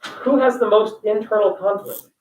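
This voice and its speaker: In an echoey classroom, picked up by a dull, distant mic, a male college instructor with a high, slightly mellow voice speaks at a moderate pace. He jokes, wanders off on tangents and quizzes his students.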